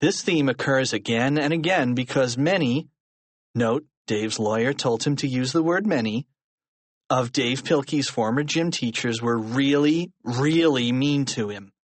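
A man narrating a children's storybook in an animated reading style. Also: mid-range voice, measured pace, dry recording. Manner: animated reading with lively character voices. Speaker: audiobook narrator. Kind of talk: scripted narration.

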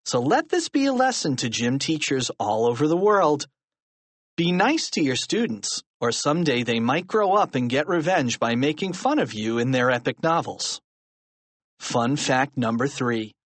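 Brief: male audiobook narrator, lively swooping delivery, dry close sound. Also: medium pitch, moderate pace, no room sound. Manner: animated reading with lively character voices. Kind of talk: scripted narration.

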